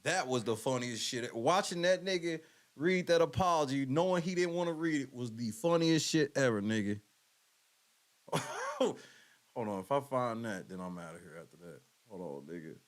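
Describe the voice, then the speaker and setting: A podcast host with a mid-range voice offers casual reaction commentary at a normal speed, laughing in incredulous disbelief.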